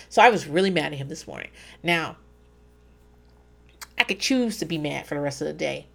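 Woman, podcast host, blunt and profane, lively swooping delivery, lowish voice. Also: quick pace, vocal fry. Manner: blunt, profane, animated storytelling. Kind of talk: casual podcast commentary.

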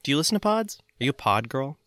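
A man's voice: mid-range voice, big pitch swings, quick pace, fairly bright tone, dry recording, studio quality. A man from northern Florida with a Southern accent, hosting a podcast in casual, joking chat full of fillers. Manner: rambling, joking, many fillers. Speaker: podcast host.

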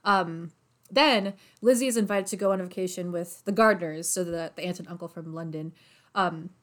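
A woman's voice: on the low side, normal speed. A young woman chatting casually as she retells a story. She fills her talk with "like" and "um" and slips into little voiced quotes for the characters. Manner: chatty, filler-heavy, acts out characters' lines. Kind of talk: casual chat, retelling a novel's plot.

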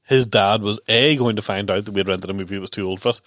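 A man's voice: fairly low pitch, fast talker, fairly bright tone, dry recording, clean studio sound. A man co-hosting a podcast in casual chat, thoughtful and a little rambling. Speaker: podcast co-host.

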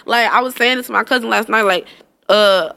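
A woman's voice: fairly high pitch, a little fast, vocal fry, bright, forceful tone. A woman co-hosting a casual chat, telling stories with a sarcastic, laughing, profane manner. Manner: storytelling, sarcastic, swears and laughs often. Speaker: podcast co-host.

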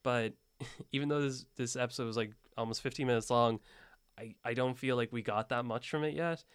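A man chatting casually as a podcast co-host, relaxed and often laughing, with hesitant restarts. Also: mid-range voice, fairly quick, clean tone, no echo, clean studio sound. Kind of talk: casual chat.

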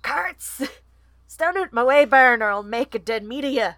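A woman's voice: fairly high pitch, expressive, unhurried, a bit bright. A woman voicing a fierce young male falcon in a put-on Scottish accent, snarling threats. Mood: threatening.

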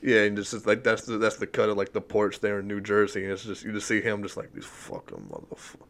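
A man's voice: fairly low pitch, flat delivery, fast, a bit bright. A young man, a podcast guest, chatting casually, joking and swearing in a laid-back way. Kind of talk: casual comedy podcast chat.

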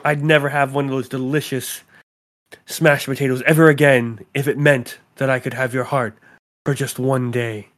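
A man's voice: mid-range voice, little pitch movement, normal speed, fairly bright tone, close to an everyday voice. Man doing a heartfelt young tavern lad, earnest, sincere.

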